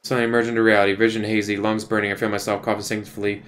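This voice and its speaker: A man's voice: on the low side, little pitch movement, rapid-fire, a bit bright. A male streamer reading a visual novel aloud and dropping dry, wry asides between passages.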